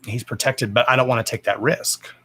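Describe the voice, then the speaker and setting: A man's voice: medium pitch, fairly even intonation, a little fast, a bit bright, husky. A man hosting a casual livestream from home, talking bluntly and swearing freely in a fired-up, emphatic rant. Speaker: livestream host.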